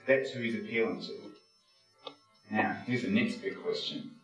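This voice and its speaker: A man's voice: lowish voice, normal speed. A man leads a conversational Bible lesson, asking his listeners question after question in a folksy, chatty way. His voice comes from some distance off the mic and rings through a very echoey room, with faint music beneath. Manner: asks the listeners rhetorical questions; folksy, chatty, with frequent fillers. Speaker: Bible teacher. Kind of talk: conversational Bible study sermon.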